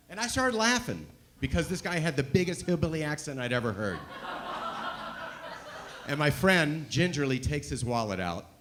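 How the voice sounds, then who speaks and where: A male comedian telling a personal story on stage with a lively, wide-ranging voice. His delivery swings from loud, punchy bursts to quiet, dropped asides. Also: mid-range voice. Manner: animated, swinging from loud to hushed. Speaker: stand-up comedian. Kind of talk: stand-up storytelling.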